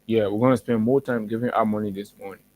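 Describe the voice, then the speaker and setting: A man's voice: on the low side, fairly even intonation, fast, darkish tone, dry recording. A man with a Liberian English accent hosting a morning show, delivering heated political commentary with many fillers and restarts.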